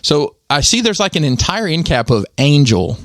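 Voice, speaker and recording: A man's voice: on the high side, sing-song, moderate pace, no room sound, clean studio sound. A man hosting a podcast in casual chat, telling stories in a rambling way with many restarts and chuckles. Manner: rambling storyteller with restarts and laughs. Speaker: podcast host.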